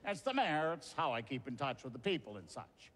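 An actor playing a hearty, chummy small-town mayor, booming and folksy, from a stage musical. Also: male voice, very animated, brisk, fairly bright tone. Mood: jolly. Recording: reverberant stage recording, faint noise.

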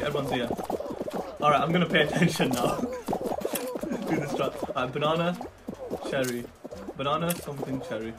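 A young man giving excitable live commentary on his gameplay, swinging from muttering to shouting. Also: medium pitch, very noisy. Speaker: gaming YouTuber. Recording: music playing under the voice.

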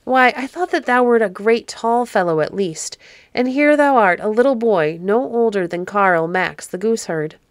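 A woman's voice: on the high side, lively intonation, normal speed, no echo, clean studio sound, voice pushed up, close to an everyday voice. A woman voicing a curious, cheeky elfish little girl in a storybook reading.

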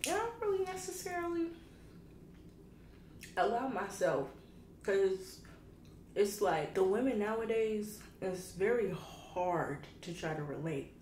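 A woman's voice: medium pitch, very animated, a little slow, pauses often, a little mellow, a little hiss or hum. Young woman in her twenties, casual vlogger with slangy straight talk, camera mic in a roomy space with faint background ambience. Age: 20s. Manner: candid, slangy, talks straight to viewers. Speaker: food vlogger. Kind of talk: casual chat to camera while eating.

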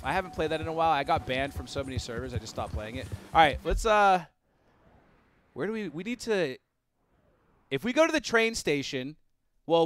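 A young man commentating his game live for viewers, excitable and prone to yelling and laughing when things go wrong. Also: fairly high pitch. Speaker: gaming streamer.

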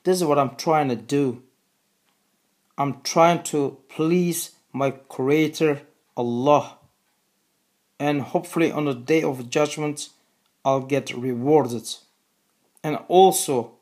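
A man with a Turkish accent, a native Turkish speaker, talking earnestly to the camera in a video, repeating his phrases slowly and deliberately. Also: a little high, a little mellow. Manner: earnest, repetitive, slow and deliberate. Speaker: video host. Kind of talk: religious appeal to camera.

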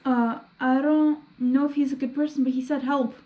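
High-voiced young woman playing a game. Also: fairly even intonation, moderate pace, dark tone, a little hiss or hum. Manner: giggly and chatty, reads lines aloud. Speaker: gamer reading and voicing a game. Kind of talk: let's play commentary. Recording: faint music behind.

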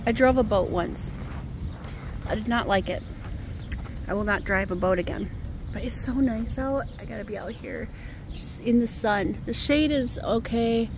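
A woman's voice: fairly high pitch, normal speed, pauses often, noisy background. A woman chatting casually to the camera in a rambling vlog, partly outdoors by a lake. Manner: chatty and rambling, talks softly to a duck. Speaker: vlogger.

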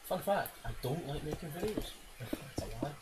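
Swearing man over loud hiss. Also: a little high, animated, moderate pace. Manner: swearing, self-mocking, rambling. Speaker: gaming video creator. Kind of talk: rambling gameplay commentary. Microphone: laptop internal mic. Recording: loud hiss, laptop internal mic.

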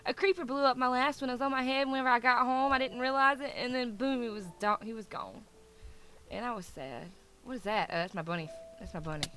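A young woman giving excitable, chatty commentary while playing a game, squealing and talking to the animals. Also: on the high side, fast talker, a little hiss or hum. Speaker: gaming YouTuber. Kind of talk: casual gameplay commentary.

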